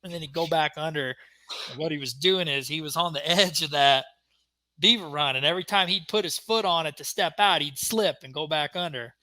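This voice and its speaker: A young man co-hosting a podcast, telling a story in casual chat and acting out the shouted quotes. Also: a little high, a little fast, dry recording. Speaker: podcast co-host.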